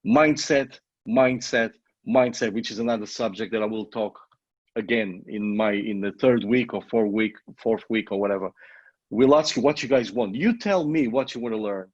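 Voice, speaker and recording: A middle-aged man with a foreign accent and a husky, slightly rough voice coaches an online class with blunt, repetitive emphasis. His voice is dry and close, with no room around it. The audio is dull and lo-fi. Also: fairly low pitch, moderate pace, no echo. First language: not English. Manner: emphatic, repeats himself, swears casually. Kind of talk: motivational live coaching talk.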